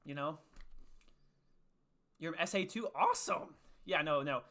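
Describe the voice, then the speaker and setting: A man's voice: fairly high pitch, animated, measured pace, bright, forceful tone. A young man hosting a casual faith livestream, upbeat and chatty, reading and answering viewers' chat. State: out of breath after push-ups. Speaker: livestream host.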